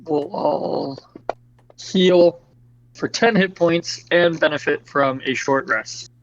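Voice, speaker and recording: A man's voice: fairly high pitch, takes it slowly. Man explaining game rules on a dull mic. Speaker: player. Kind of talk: casual tabletop game chat.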